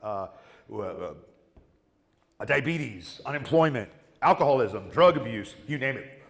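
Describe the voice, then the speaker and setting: A man's voice: mid-range voice, animated, measured pace, creaky. A man on a convention panel, telling a story with lots of swearing and acting out the voices of the people in it. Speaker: panel guest. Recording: roomy hall with long reverb.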